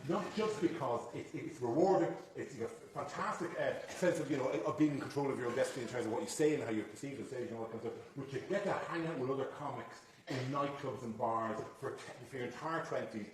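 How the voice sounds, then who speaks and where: A middle-aged Irish man, a comedian guest telling stories in swearing, animated chat. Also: mid-range voice, quick pace. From Ireland. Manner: animated storyteller, swears freely. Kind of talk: anecdotal chat. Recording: echoey room, far from the mic, loud noise.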